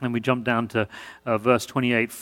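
A British man preaching as a guest in a church, earnest and prone to restarting his sentences. His mid-pitched voice carries a long reverb from the hall. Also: level tone, moderate pace, fairly bright tone. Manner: earnest, stumbling restarts, repeated words. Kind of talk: sermon.

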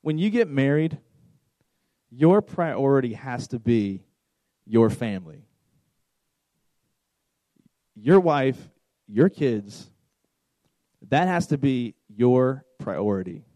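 A man's voice: medium pitch, big pitch swings, slow, pauses often, dark tone, no echo, low-quality recording. A man in his thirties preaching a conversational sermon to a youth group as their pastor, repeating words and joking with the room.

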